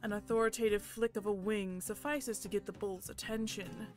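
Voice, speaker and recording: A woman hosts a let's play and reads a visual novel's narration in a soft, measured way. Her voice sits at a middling pitch, with faint music underneath. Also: fairly even intonation. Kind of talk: reading game narration aloud.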